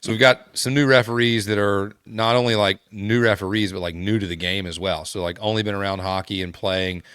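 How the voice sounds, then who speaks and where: A man's voice: lowish voice, fairly even intonation, a little fast, few pauses, fairly bright tone, clean tone, no echo. A man hosting a podcast, telling a long story in casual chat, full of fillers and restarts. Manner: rambling, many fillers and restarts. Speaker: podcast host.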